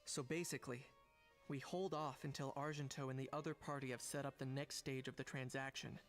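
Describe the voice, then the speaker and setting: A man's voice: medium pitch, level tone, brisk, faint music behind, natural voice. A man voicing a cautious, thoughtful hunter in a game. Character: adult male hunter, cautious planner.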